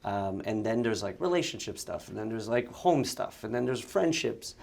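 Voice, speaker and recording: A young man from Montreal talks through an interview in a low, gravelly voice. He is chatty and laughs easily, often breaking off and restarting his sentences as he works his thoughts out loud. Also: lively intonation, moderate pace. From Montreal, Canada. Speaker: actor and sketch comedian guest. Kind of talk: casual interview chat.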